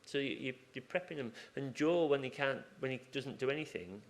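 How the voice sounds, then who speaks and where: A man's voice: medium pitch, animated, brisk. A man working as a hospital acupuncturist, chatting informally at a conference and acting out conversations from the ward. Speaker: acupuncturist in a hospital surgery team. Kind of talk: conference talk with questions from the floor.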